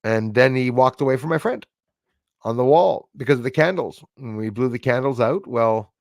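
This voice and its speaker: A middle-aged man from Canada hosts a casual livestream, reading out viewer comments and musing between them. His voice sits at an ordinary middle pitch and is recorded dry and close. He rambles, chuckles and stumbles through restarts. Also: expressive, normal speed, vocal fry, dry recording. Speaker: livestream host.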